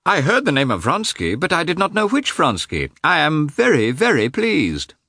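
A man voicing Golenishev, a Russian gentleman who speaks with eager, warm politeness. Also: medium pitch, wildly swooping pitch, fairly quick, no room sound, studio quality, pitched above the performer's own voice, exaggerated voice. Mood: delighted. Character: Golenishev, a Russian man, liberal former schoolmate.

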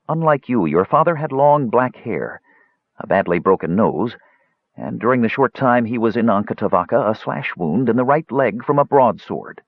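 A man's voice: mid-range voice, dry recording, pitched above the performer's own voice. A man playing a cryptic dwarf juggler. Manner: earnest and cryptic. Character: secretive, earnest male dwarf juggler. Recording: dull lo-fi audiobook recording.

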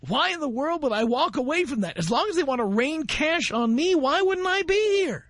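Male radio host, high-ish voice, husky edge, brash and boastful, studio mic. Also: animated, fairly quick, a bit bright, no room sound. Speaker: radio talk show host. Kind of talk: radio talk monologue.

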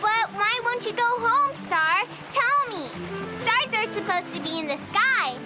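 A woman's voice: very high-pitched, a little slow. Niloya, a bubbly little girl. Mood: wondering. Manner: bubbly, wondering, excitable. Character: cheerful curious little girl. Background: music.

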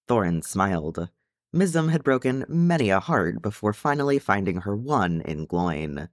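A man reading a fan fiction story aloud with expressive narration. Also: on the low side, moderate pace, dry recording, studio quality. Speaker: reader.

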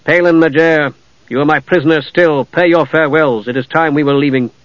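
A man voicing a haughty young dark knight who speaks coldly and formally, in a dull, dry recording. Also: on the high side, fairly even intonation, a little fast, no echo, close to an everyday voice. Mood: mocking. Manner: cold, mocking, formal.

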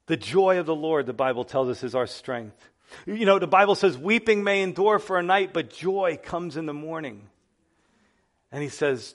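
A man's voice: a little high, normal speed. Impassioned male preacher. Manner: impassioned preaching, swinging between hushed and loud. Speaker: pastor. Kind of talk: sermon.

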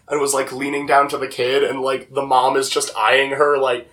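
A young man with a slightly hoarse voice, telling stories casually on a podcast with lots of "like". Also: mid-range voice, flat delivery, moderate pace, few pauses, bright, forceful tone. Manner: rambling, lots of "like". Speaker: podcast co-host. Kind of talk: casual storytelling chat. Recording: voice distant from the mic.

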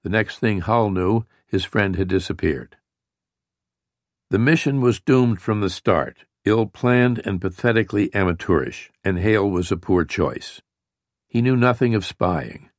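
A male audiobook narrator with a lowish voice reads a history book aloud, telling the scripted story in a measured, even manner. The studio recording is clean, with no echo.

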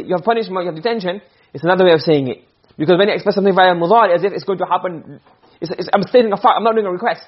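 Man, teacher, quick classroom explaining, high voice, husky, dull lo-fi recording. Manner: explains with repeated questions to students. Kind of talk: classroom lesson.

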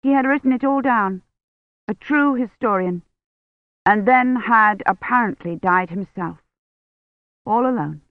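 An audiobook narrator reading a novel in a measured, even storytelling manner. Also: medium pitch, dry recording. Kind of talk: scripted narration. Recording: dull, dry lo-fi recording.

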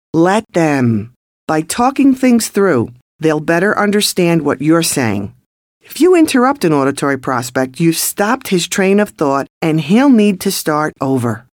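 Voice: mid-range voice, no echo, clean studio sound. A sales trainer giving coaching tips in an emphatic, scripted voice-over.

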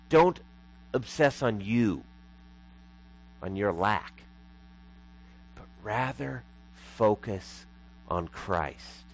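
A man's voice: fairly low pitch, low-quality recording. A man preaching a sermon as pastor, emphatic and repeating lines for effect.

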